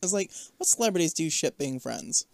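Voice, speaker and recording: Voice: medium pitch, very animated, fairly quick, vocal fry, darkish tone, no room sound. Wisecracking co-host, dry sound. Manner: wisecracking, swears casually. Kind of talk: casual banter.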